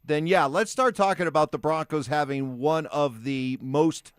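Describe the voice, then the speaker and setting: A man's voice: a little high, normal speed, clean tone, no echo, clean studio sound. A man hosting a sports radio show, steering the talk with questions and takes. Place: radio studio.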